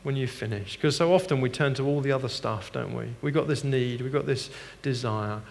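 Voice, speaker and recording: A middle-aged man preaching a sermon as pastor, moving between hushed, earnest passages and animated, laughing stories. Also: mid-range voice, fairly quick, creaky, a little hiss or hum. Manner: animated storytelling with laughs and shifts from hushed to loud. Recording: long hall reverb.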